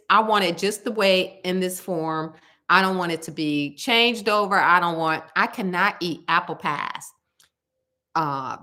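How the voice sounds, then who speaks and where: A woman's voice: fairly low pitch, bright, forceful tone. A woman chatting casually and emphatically to her viewers about food. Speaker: cooking vlogger.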